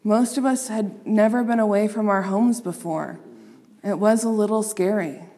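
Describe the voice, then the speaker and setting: A woman reading a children's story aloud, expressive and playing up the sound words. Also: mid-range voice, moderate pace, big-room sound.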